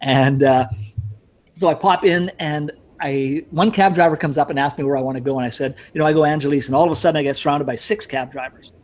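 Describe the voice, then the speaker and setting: A man's voice: on the high side, brisk. A middle-aged man casually telling a rambling, self-mocking travel story with some cursing. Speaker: storyteller host.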